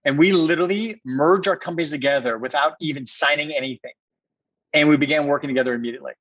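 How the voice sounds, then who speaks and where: A man's voice: a little high, fast, fairly bright tone, lo-fi sound. A middle-aged man from Minneapolis telling a personal story as a podcast guest, earnest and emphatic, often restarting his sentences. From Minneapolis, USA.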